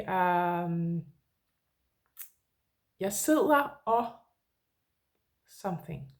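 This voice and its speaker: A woman's voice: mid-range voice, a little mellow. A woman with a Danish accent teaching a language lesson for her online channel, explaining in a friendly, patient way. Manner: friendly explanatory, slow and deliberate.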